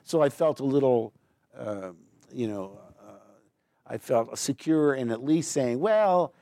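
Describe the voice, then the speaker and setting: A man's voice: medium pitch, measured pace, gravelly, dark tone, no room sound, clean studio sound. A man, a guest actor in a live on-stage conversation, telling rambling, digressive stories and slipping into mimicked accents. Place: stage before a live audience.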